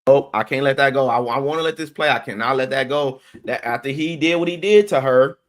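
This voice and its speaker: A man's voice: mid-range voice, fairly quick. A man streaming a heated commentary rant, blunt and profane, who repeats his words and restarts sentences as he presses his point.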